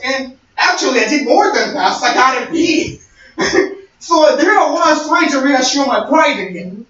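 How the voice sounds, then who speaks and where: A man's voice: very high-pitched, animated, normal speed, bright, forceful tone. A young man giving a sermon-style talk, conversational and storytelling with quoted dialogue. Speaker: speaker. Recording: echoey, distant, dull-sounding room recording.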